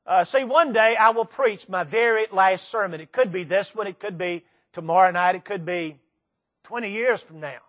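A man preaching a sermon to a congregation, impassioned, repeating phrases for emphasis and swinging between loud and quiet. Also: sits high, moderate pace. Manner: impassioned preaching with dramatic shifts in loudness and pace.

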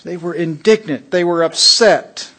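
High-voiced preaching man, emphatic. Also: a little slow, pushed and bright. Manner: emphatic preaching, asks the congregation questions. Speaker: pastor. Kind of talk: sermon.

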